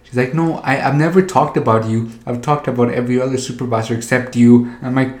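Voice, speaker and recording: A man's voice: medium pitch, fairly even intonation, quick pace, darkish tone. A man telling stories in casual chat, crude and joking, laughing often. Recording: roomy echo.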